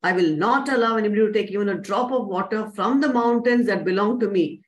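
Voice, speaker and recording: A woman voicing an angry, possessive male lake demon who threatens and shouts. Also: medium pitch, fast, echoey room, close to an everyday voice. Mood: threatening.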